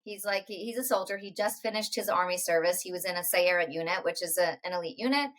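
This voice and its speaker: A woman in her forties, a podcast guest, telling a personal story in a halting way, full of restarts and quoted dialogue. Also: fairly low pitch, fairly bright tone, low-quality recording. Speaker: interview guest.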